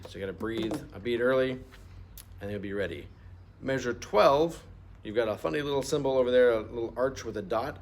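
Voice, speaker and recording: A man's voice: mid-range voice, fast talker. Patient man teaching a music lesson. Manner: patient, explains step by step, asks students to repeat terms. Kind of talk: instrument lesson walkthrough.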